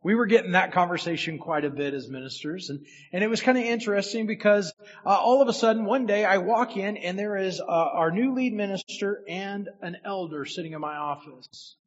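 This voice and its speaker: A man's voice: sits high, brisk, hardly any pauses, muffled recording. A man who is a minister, giving a sermon as a personal story and speaking directly to the people in the room.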